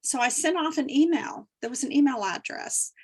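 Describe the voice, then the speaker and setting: A woman's voice: sits high, expressive, moderate pace. A middle-aged woman telling a personal story in an earnest, heartfelt way, with frequent restarts. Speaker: podcast guest telling her story.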